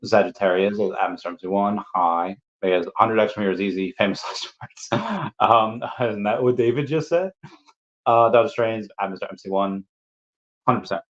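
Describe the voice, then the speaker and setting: A man's voice: lowish voice, moderate pace. Lo-fi man chatting on a livestream. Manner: reads viewer comments aloud, playful meowing asides. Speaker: livestream host. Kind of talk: casual livestream chat. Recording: dull lo-fi stream audio.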